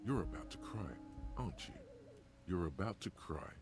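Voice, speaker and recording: A man voicing a sardonic inner voice that narrates the hero's thoughts in a deep, mocking, dramatic way while reading a game aloud. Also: wildly swooping pitch, moderate pace, over loud music.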